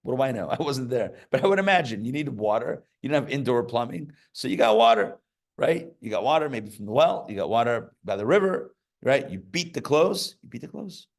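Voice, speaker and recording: A man's voice: medium pitch, expressive, a little fast. A rabbi teaches a live class in a loose, conversational way. He wanders into stories and joking asides and often stops to restart a sentence. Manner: chatty, joking asides, many fillers and restarts. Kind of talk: casual Torah class with stories. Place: live class before an audience.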